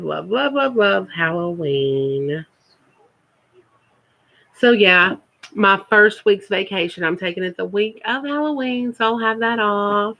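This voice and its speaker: Woman, gravelly bright voice, chatty live-stream talk, repeats words. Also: fairly low pitch, muffled recording. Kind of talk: casual live-stream chat.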